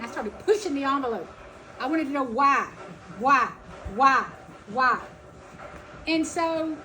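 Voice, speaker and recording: A woman speaking at a festival, telling a personal story in a folksy, emphatic and animated way. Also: sits high, a little hiss or hum, low-quality recording. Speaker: animal sanctuary founder giving a talk. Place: festival stage.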